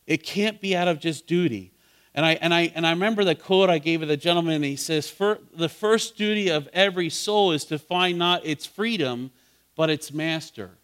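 A man's voice: a little high, normal speed, a bit bright, smooth. A man preaching in a conversational way, asking his listeners questions and building to fervent emphasis. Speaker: pastor teaching a Bible study. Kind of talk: interactive sermon.

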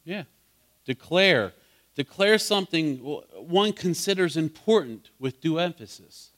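A man's voice: on the high side, lively intonation, a little slow, a bit bright. Conversational man preaching a Bible study. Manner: conversational, asks the group questions, builds to fervent emphasis. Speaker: pastor teaching a Bible study. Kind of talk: interactive sermon.

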